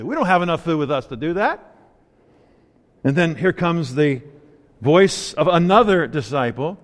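Animated preacher man in a reverberant hall. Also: fairly high pitch, normal speed. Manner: conversational, playful storytelling with voiced asides. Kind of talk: sermon.

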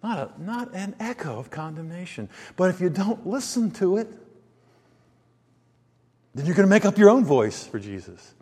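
A man delivers a conversational sermon in a high voice. He keeps asking his listeners rhetorical questions, sinks low and quiet, then rises again. His words ring out with a long reverb, as in a large hall. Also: very animated, moderate pace, pauses often, slightly rough. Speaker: pastor.

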